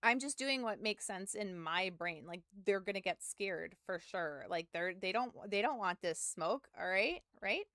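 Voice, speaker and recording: A woman in her thirties tells a long, rambling story to her stream chat, with a filler word every few words and the odd curse. Her voice is smooth and clear. The sound is dry, close to the mic, with no room in it. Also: medium pitch, lively intonation, unhurried, hardly any pauses, fairly bright tone, dry recording. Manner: rambling, full of "like", swearing, self-mocking.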